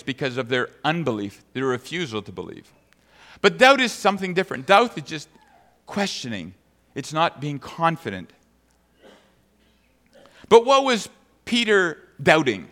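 Guy preaching a sermon, bright forceful voice, long hall echo, reads the verse then chats about it. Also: fairly high pitch, sing-song, moderate pace. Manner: reads scripture then speaks conversationally. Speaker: pastor.

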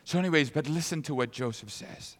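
A man preaching a sermon, retelling a scripture story with dramatic, animated delivery. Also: a little high, a little fast. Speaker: pastor. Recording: long reverb of a large hall.

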